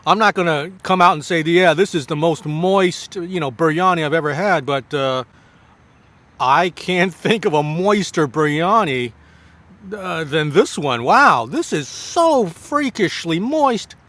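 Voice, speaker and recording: A man giving a casual food review to camera, effusive and full of drawn-out exclamations, with halting restarts between bites. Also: on the high side, animated, fairly bright tone. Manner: effusive, many drawn-out exclamations while tasting. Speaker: food vlogger.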